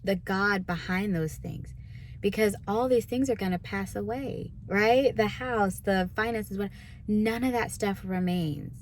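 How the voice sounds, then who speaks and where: A woman's voice: medium pitch, measured pace, slight background noise. Woman giving a chatty devotional talk. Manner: conversational, asks listeners "right?"; acts out listeners' complaints in quoted voices. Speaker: minister. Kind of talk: casual devotional teaching.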